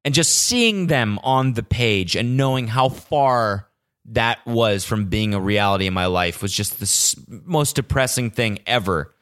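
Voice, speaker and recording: A young man from California hosting a casual solo podcast, animated and profane, mimicking the voices of others as he tells a story. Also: fairly low pitch, measured pace, clean tone. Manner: animated, swears a lot, mimics cheering voices. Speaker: podcast host.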